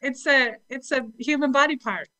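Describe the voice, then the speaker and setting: A woman's voice: high-pitched, normal speed, pushed and bright, no room sound, low-quality recording. A woman chatting as a guest over a video call, bubbly and laughing often. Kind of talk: casual chat.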